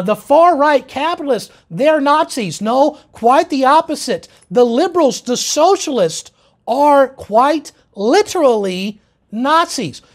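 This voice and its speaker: Guy lecturing hard, pushy and emphatic, voice jumps up and down a lot. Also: extremely high pitch. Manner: emphatic, insistent. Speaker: presenter. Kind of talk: political lecture.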